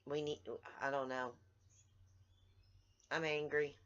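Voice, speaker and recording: A woman vents in a daily video diary, angry and outraged, breaking off and restarting her sentences. Her voice sits low and her pace is slow. The sound is dull and lo-fi. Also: flat delivery, clean tone. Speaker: vlogger.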